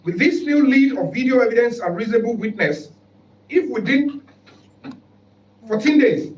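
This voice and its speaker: A man with a fairly high voice and a Nigerian English accent speaks as a human rights spokesman at a press conference. His delivery is formal and emphatic, rising to declamation. The sound is roomy and picked up from some distance, with faint noise behind. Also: animated, moderate pace, dull audio.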